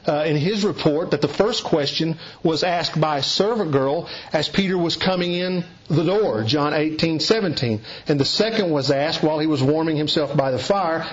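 Southern male preacher, folksy explainer, voice on the high side, muffled lo-fi sound. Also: moderate pace. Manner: explanatory, folksy, occasional restarts. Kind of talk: Bible teaching sermon. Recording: dull lo-fi recording.

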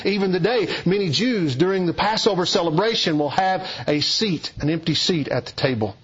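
A man preaching an expository sermon, emphatic and deliberate, leaning hard on key words. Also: sits high, slightly rough, dull audio.

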